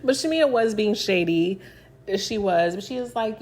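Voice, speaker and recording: A woman's voice: medium pitch, expressive, moderate pace, a little mellow. A woman casually recapping a reality TV episode, chatty and full of fillers, acting out what the cast said. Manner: chatty, filler-heavy retelling that acts out quotes.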